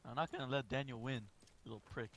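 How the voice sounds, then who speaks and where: A young man chatting casually with friends while gaming, loud, excitable and quick to swear and laugh. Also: medium pitch. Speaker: gamer. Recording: noisy game-chat recording.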